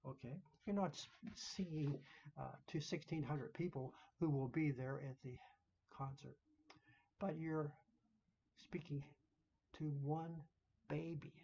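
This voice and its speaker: Older choir director giving emphatic notes at rehearsal, sings the rhythms, mid pitch, muffled recording. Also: unhurried, pauses often, dark tone, a little hiss or hum. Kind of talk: rehearsal instruction.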